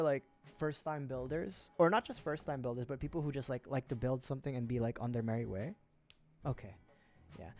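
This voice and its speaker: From his home streaming setup, a livestream host from the Philippines chats casually in a high-leaning, darkish voice. He assembles a model kit, rambling along with joking asides.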